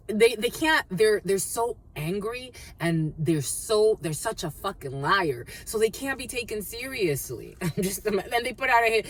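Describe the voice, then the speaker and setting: A woman's voice: lowish voice, husky. A woman giving a collective tarot reading, rambling and free-associating, repeating phrases and swearing freely. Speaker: tarot card reader.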